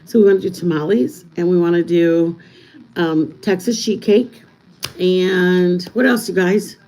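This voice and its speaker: A woman's voice: lowish voice, fairly even intonation, a little slow, poor audio. Chatty middle-aged woman hosting a stream. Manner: chatty, rambling, warm toward viewers. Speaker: channel host. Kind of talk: casual chat while cooking, live stream. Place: home kitchen.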